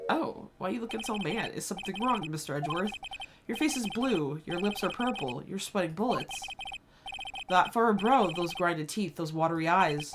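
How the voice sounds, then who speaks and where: A woman gaming streamer does a let's play, reading the game's dialogue aloud playfully and tossing in goofy asides. Her voice is lowish and expressive at a moderate pace, with music playing behind her.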